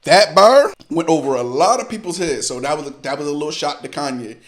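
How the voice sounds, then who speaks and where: A man's voice: a little high, animated, fairly quick, a little hiss or hum. A man hosting a reaction show, casually explaining rap lines in a loose, repetitive way. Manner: loose, repeats and restarts, explains each line. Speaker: host reacting to a performance.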